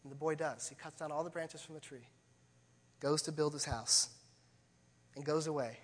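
Earnest high-voiced preacher in a big hall. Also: male voice, moderate pace. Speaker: pastor. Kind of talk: sermon.

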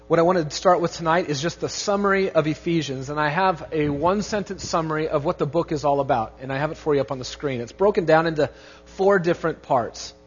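A man's voice: fairly high pitch, fast, in a large hall, lo-fi sound, faint music behind. A man preaching a sermon as pastor, opening with a prayer and pressing key phrases with rising emphasis.

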